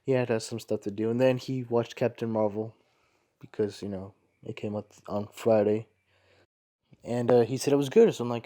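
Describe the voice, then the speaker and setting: A man hosts a casual soccer review show and talks at a middle pitch. He rambles in a chatty way and often restarts and corrects himself. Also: fairly even intonation, normal speed, warm tone. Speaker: host.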